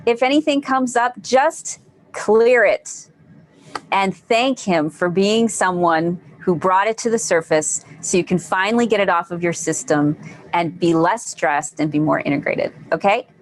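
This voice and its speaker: A woman's voice: fairly low pitch, moderate pace, slight background noise. A woman hosting a live online group session, talking casually and encouragingly, repeating phrases for emphasis. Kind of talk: casual live-stream talk.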